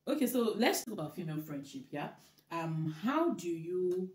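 A woman hosting her own vlog, telling stories in animated casual chat with frequent laughter. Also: lowish voice, normal speed, a little hiss or hum. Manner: animated storytelling, laughing often. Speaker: vlogger host. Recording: echoey room.

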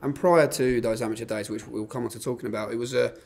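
A man's voice: medium pitch, steady tone, fast, creaky, slight background noise. A man interviewing a boxer, asking long leading questions.

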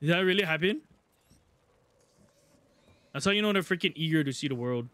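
A man streaming a video game live, excitable, swearing a lot and joking with chat. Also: on the high side, brisk, no room sound. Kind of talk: live gameplay commentary.

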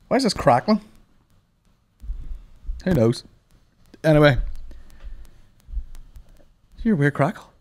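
A man hosts a comedy podcast in a loose, rambling rant, swearing freely and chuckling at his own jokes. His pitch swoops up and down with lively animation. The sound is dry and close, with no room around him. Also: takes it slowly, long pauses, dry recording. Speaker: podcast host.

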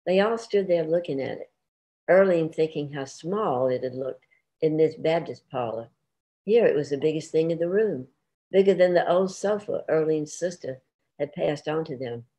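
A woman, a writer, reading her own short story aloud in an unhurried way. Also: deep voice, lively intonation, warm tone. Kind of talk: literary reading.

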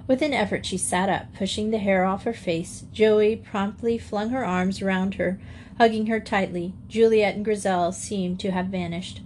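A woman reading a classic children's novel aloud in steady storytelling narration. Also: mid-range voice, moderate pace, slight background noise. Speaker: audiobook reader. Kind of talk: scripted narration.

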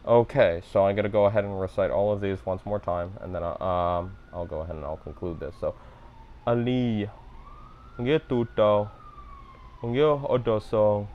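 A man's voice: lowish voice, steady tone, moderate pace, phone-quality sound, slight background noise. A man practicing phrases from a course, repeating them and commenting on his own pronunciation in a self-deprecating, thinking-aloud way. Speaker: language learner and video host. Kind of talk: self-narrated practice session.

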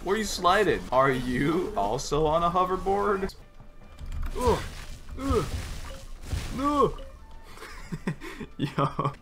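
A man's voice: sits high, big pitch swings, slow pace, long pauses, music in the background. A man streaming video games, cracking jokes and laughing often as he comments on his play. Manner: jokey, laughs often, banters with himself. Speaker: gaming streamer. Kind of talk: playful gameplay commentary.

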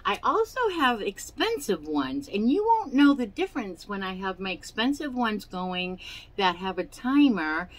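A woman's voice: mid-range voice, sing-song, measured pace, low-quality recording. A woman hosting a casual crafting vlog at home, showing products in a chatty, rambling way, with fillers and hiccups. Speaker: crafting channel host. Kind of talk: casual product show-and-tell. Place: her home.

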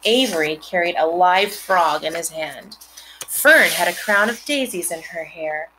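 A mother reading a storybook aloud and pausing to explain words and scenes to her listeners. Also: fairly low pitch, expressive, pushed and bright, a little hiss or hum, rough recording.

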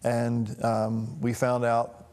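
A middle-aged man telling a personal family story in a halting, emotional way, with frequent restarts. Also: medium pitch, monotone, a little mellow, long reverb tail. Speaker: talk show host.

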